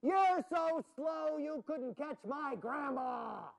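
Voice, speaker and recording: A man's voice: very high-pitched, animated, fairly quick, noisy background, voice pushed up. A man voicing a brave, cocky young hero in a told fairy tale. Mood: taunting.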